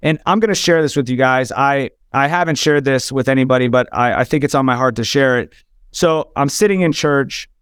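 A man's voice: mid-range voice, brisk, fairly bright tone, clean tone, dry recording, clean studio sound. A man telling an emotional personal story as a podcast guest, earnest, with frequent restarts.

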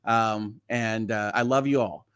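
A man's voice: fairly low pitch, takes it slowly, clear, resonant tone. A man hosting a livestream, reading viewer comments aloud with a reassuring, joking manner. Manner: reassuring, joking, lively swings in loudness. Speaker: livestream host.

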